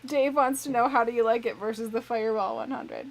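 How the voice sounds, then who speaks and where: A giggly woman with a high voice co-hosts a casual livestream. She reads out viewer comments in a playful, easygoing way. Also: steady tone, fairly quick. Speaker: co-host reading viewer comments.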